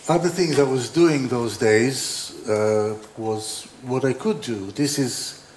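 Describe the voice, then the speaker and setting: A man's voice: medium pitch, takes it slowly, darkish tone, slight background noise. A man giving an informal opening talk as a designer, telling rambling anecdotes with restarts and dry humor. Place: exhibition hall. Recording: roomy hall with faint ambience.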